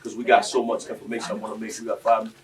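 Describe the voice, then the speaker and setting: A man, telling stories on a panel in a preachy, impassioned way that swings between quiet and loud. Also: fairly low pitch, monotone, very fast, recorded from a distance, a crowd in the background. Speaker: panel speaker.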